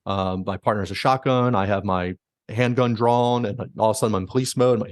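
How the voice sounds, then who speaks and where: A fast-talking man with a lowish voice hosts a podcast, casually retelling stories with many "likes" and quoted asides. It's studio quality, with no room sound.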